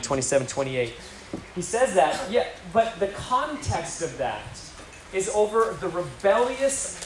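A man preaching a sermon, telling stories with rising energy and occasional excited shouts. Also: high voice. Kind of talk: sermon with storytelling. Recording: roomy hall with faint crowd.

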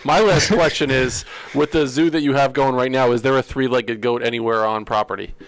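A man with a mid-range voice hosts a casual podcast interview. He asks questions in a relaxed way and speaks bluntly, with easy swearing. His tone stays loose and conversational. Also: mid-range voice, a little fast, poor audio. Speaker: podcast host.

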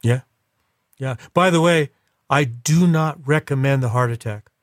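A man's voice: medium pitch, a little slow, no room sound, studio quality. A man as an interview guest, telling a personal story in an emotional, reflective way.

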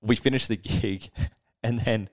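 A touring musician who co-hosts a podcast tells a tour story in casual chat, his voice fairly low and unhurried. He's animated, often laughing mid-sentence and swearing freely.

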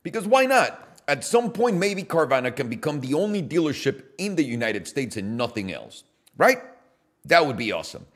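A man hosting a podcast, giving an animated, casual opinion monologue with swearing and jokey asides. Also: a little high, normal speed. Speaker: podcast host.

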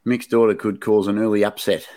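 Fast-talking Australian podcast bloke. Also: male voice, fairly low pitch, flat delivery, a little mellow. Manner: quick, chatty banter. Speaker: podcast co-host. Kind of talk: casual sports betting chat.

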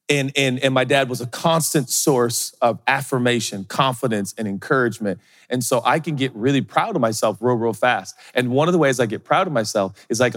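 A man's voice: mid-range voice, in a large hall. A middle-aged male pastor preaching a sermon, funny and self-deprecating, often acting out other people's voices. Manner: animated, humorous, acts out quoted voices.

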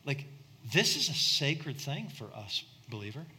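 A man's voice: mid-range voice, sing-song, unhurried, sharp tone, slight background noise. A middle-aged man preaching a conversational sermon, repeating words and building to impassioned peaks. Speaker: pastor.

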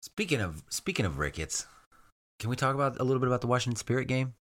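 A man co-hosting a podcast, talking casually about players with relaxed hedging fillers. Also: medium pitch, quick pace, no echo. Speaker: podcast co-host. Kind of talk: casual sports chat.

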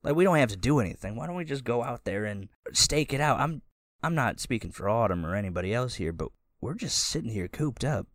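A man's voice: medium pitch, animated, brisk, no room sound, studio quality, voice pushed up, natural voice. A man voicing a restless young fighter who eagerly coaxes his friend to act. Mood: eager, coaxing. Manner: pushy, coaxing, restless.

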